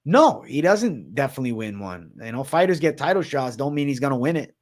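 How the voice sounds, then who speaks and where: A man's voice: medium pitch, big pitch swings, fairly quick, few pauses, a little mellow. A young man hosting a casual MMA livestream Q&A, talking in a profane, slangy way and calling viewers bro.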